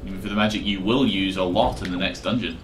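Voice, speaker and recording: A man's voice: low-pitched, music in the background. A man co-hosting a video game let's play, giving tips and teasing the player. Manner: advising, teasing, quick to laugh. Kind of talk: casual gameplay banter.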